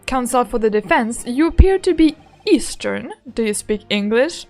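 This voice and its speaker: A woman reading the lines of a formal, solemn male judge from a game in a measured way. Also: fairly high pitch, expressive, a little mellow, soft background music. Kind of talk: reading game dialogue aloud.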